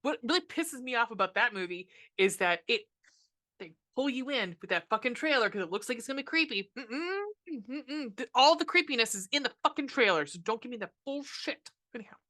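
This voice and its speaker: A woman's voice: on the high side, animated, fast, bright, forceful tone. A young woman hosting a podcast, ranting sarcastically and profanely while reviewing a movie.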